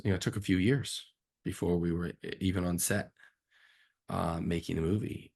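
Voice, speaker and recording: A man, a film director as guest, telling stories from his career in a casual, animated interview. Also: sits low, gravelly, breathy edge. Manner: animated, acts out quotes in a raised voice.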